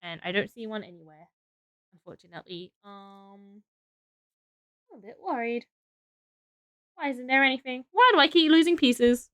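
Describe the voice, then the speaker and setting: A tired woman streamer chats to her viewers as she builds, giggling and drifting into muttered self-talk. Her voice sits fairly high and bright, leaping up and down in pitch. The recording is close and dry, with no room sound. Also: animated, normal speed, pauses often, dry recording. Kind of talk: casual live-stream chat while building.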